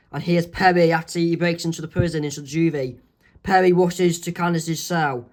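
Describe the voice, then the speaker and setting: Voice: medium pitch, steady tone, normal speed. Rambling amateur comic narrator. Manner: rambling, full of ums and self-corrections. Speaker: comic creator narrating own strip. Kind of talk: amateur comic read-aloud.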